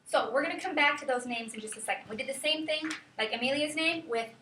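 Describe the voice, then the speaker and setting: A high-voiced woman teaches a class in a bright, clear tone, sometimes sing-songing words to show stress. She is heard from a distance in an echoey classroom with a faint hiss behind her. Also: quick pace. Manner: sing-song calling out of words to mark syllable stress. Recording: echoey classroom, mic far off.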